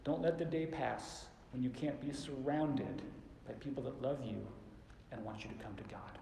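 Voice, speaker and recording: A man preaching a sermon, slowing down and dropping his voice soft to stress key lines. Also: medium pitch, vocal fry, a little hiss or hum. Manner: slows down and drops soft for emphasis. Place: church sanctuary. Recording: echoey church hall.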